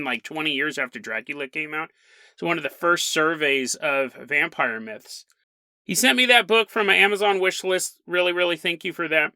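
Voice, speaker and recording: A man hosting a podcast, telling a strange story in a chatty, animated way. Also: sits high, dry recording. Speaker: podcast host. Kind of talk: casual solo podcast monologue.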